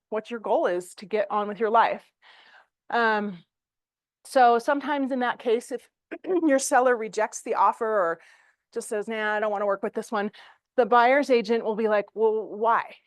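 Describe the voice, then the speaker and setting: A woman's voice: fairly high pitch, no echo, studio quality. Chatty woman teaching a real estate class. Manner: chatty, animated, with frequent fillers and laughs. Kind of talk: classroom training talk.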